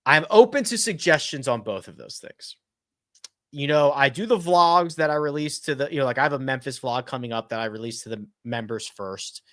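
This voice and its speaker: A man hosting a casual live-stream chat, thinking out loud and correcting himself as he answers viewer questions. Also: medium pitch, no echo, clean studio sound. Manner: animated and chatty, thinks out loud with quick self-corrections. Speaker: host of a golf betting and fantasy live chat.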